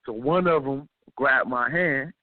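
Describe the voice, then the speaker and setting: Man, radio host, laid-back and slangy, mid-pitched voice, dry tinny phone-like sound. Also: measured pace, dry recording. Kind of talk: casual storytelling.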